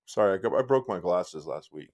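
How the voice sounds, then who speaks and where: A man's voice: low-pitched, expressive, brisk, a little mellow. A man hosting a live stream, chatting casually and rambling in a friendly way, often restarting his sentences and calling the listener dude.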